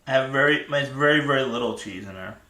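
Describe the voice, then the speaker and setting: A man's voice: mid-range voice, fast, sharp tone, echoey room. A man hosting a casual livestream from his home kitchen, eating and answering chat with many restarts and mumbled tasting sounds. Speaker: livestream host.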